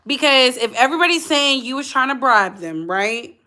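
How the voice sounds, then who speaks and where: Woman, gossip livestream host, bright, somewhat high, blunt, chatty, casual commentary. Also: expressive, moderate pace. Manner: chatty and blunt, talks to chat directly.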